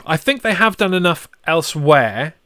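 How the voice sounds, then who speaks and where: Brief: male podcast co-host, thirties, excitable sports talk, clean resonant voice. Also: a little high, moderate pace, no echo, studio quality. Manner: excitable, animated storytelling. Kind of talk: casual sports podcast chat.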